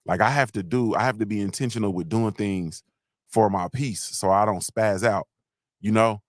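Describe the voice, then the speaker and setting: A man's voice: fairly low pitch, moderate pace, no echo, clean studio sound. A middle-aged man hosting a casual livestream, talking bluntly in a grumbling, repetitive way and answering his chat. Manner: blunt, grumbling, repeats himself, talks to chat. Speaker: livestream host.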